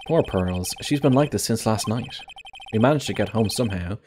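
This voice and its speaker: A man reading a calm young woman spirit medium's lines in a game, steady and caring. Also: fairly low pitch, normal speed, background noise, natural voice.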